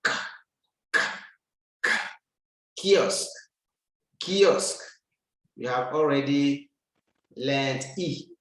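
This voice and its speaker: A man teaching French, drilling pronunciation and repeating each word slowly for the learner to copy. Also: a little high, fairly bright tone. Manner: slow, deliberate, repeats words for the learner to copy. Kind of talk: language lesson, drilling pronunciation. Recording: very echoey room.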